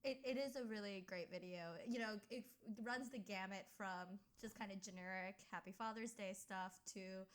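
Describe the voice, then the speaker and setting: A young woman co-hosting a podcast in casual chat, talking in quick tangents full of fillers. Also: medium pitch. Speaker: podcast co-host.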